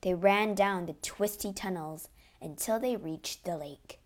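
A woman narrating a children's storybook aloud in an expressive, dramatic way. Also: medium pitch, a little slow.

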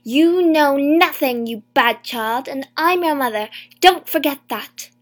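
A woman voicing a furious mother shouting in despair. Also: high-pitched, slow pace. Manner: shouting angrily. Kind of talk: audiobook reading.

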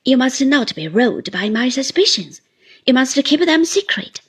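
A woman's voice: sits high, very animated, normal speed, husky, full character voice. A woman reading a stern elderly aunt, speaking in a clipped, emphatic and blunt way. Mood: firm, earnest.

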